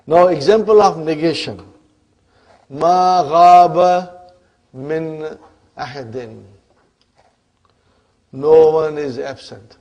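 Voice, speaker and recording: This is a man lecturing an Arabic grammar class, his voice a little high with a dark tone. He frequently asks the students "huh?" or "are you with me?" and tends to answer his own questions.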